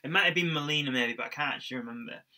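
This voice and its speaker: A man's voice: medium pitch, racing, sharp tone. A young man co-hosting a wrestling podcast, rambling casually and chatting with fillers and restarts. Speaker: podcast co-host. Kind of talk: casual chat reviewing wrestling.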